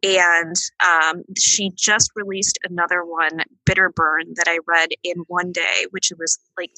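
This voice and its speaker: A woman's voice: fairly low pitch, level tone, unhurried, pushed and bright, dry recording, rough recording. A woman on a casual podcast chat, plain-spoken and enthusiastic. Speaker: podcast guest.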